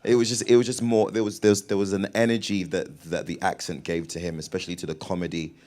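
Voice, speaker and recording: Man, British accent, very low pitch, young adult, animated storyteller, laughs often. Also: quick pace, a little hiss or hum. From Britain. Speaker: actor guest. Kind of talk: casual interview chat.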